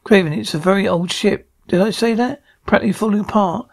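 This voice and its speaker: A man's voice: high-pitched, fast, vocal fry. A man voicing a ruthless space pirate leader who gives orders curtly. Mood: commanding.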